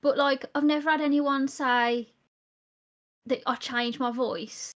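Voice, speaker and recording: A young woman with a Black Country accent, chatting in a relaxed, agreeable way as a podcast co-host. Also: sits high, slow. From Black Country, England. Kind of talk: casual chat.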